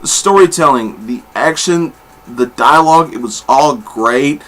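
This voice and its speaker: Bright-voiced blunt comic reviewer, man. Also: mid-range voice, measured pace. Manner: blunt and candid, swears freely; rambling with many fillers and restarts. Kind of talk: casual review monologue.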